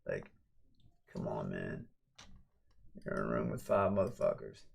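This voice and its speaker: A man livestreaming a late-night casual chat. He rambles and swears, and swings from low mumbles to loud, excited shouts. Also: a little slow, vocal fry, slightly rough.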